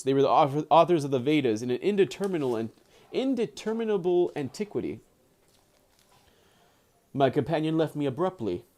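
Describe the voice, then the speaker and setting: Animated man reading aloud and chatting. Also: medium pitch. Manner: animated, laughs easily, corrects himself mid-sentence. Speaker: streamer. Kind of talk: live reading of a book with casual chat. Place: home, with pet dogs nearby.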